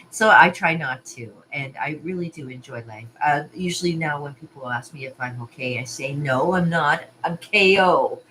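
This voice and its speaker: Chatty low-voiced woman vlogging from her studio. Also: a bit bright, slight background noise, rough recording. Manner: chatty, laughs often, rambling asides. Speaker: party artist and vlog host. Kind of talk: casual rambling vlog chat.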